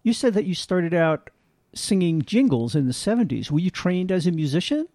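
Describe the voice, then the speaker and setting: A man's voice: high voice, very animated, normal speed, dark tone, dry recording, clean studio sound. An older man co-hosting an interview, asking short, friendly questions. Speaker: co-host.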